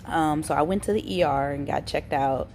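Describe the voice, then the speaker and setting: A worn-out woman with a drawl talks casually to her camera, calling her viewers y'all and sighing between thoughts. Her voice sits fairly low. A faint hiss hangs under the recording. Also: moderate pace, a little mellow. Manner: chatty, informal, addresses viewers as y'all, frequent ums and sighs. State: tired, yawning; recovering from throat illness. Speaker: vlogger.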